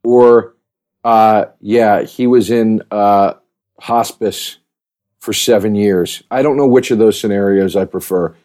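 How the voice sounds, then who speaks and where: Low, mellow-voiced man rambling on a podcast. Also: fairly even intonation, takes it slowly. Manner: rambling, restarts, heavy use of "like". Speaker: podcast host. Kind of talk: casual monologue.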